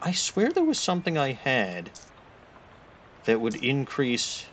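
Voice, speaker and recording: A man's voice: mid-range voice, wildly swooping pitch, slow pace, fairly bright tone, slight background noise. A man streaming a game, chatting casually and rambling to himself as he plays, often correcting his own words.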